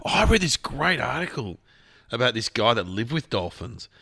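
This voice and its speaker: A middle-aged man with a bright, forward voice co-hosts a podcast. He tells stories in a chatty way, laughing often, and his pitch is lively and animated. The sound is dry and close. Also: normal speed, gravelly, breathy edge, no room sound. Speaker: podcast co-host. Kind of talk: casual comedic chat.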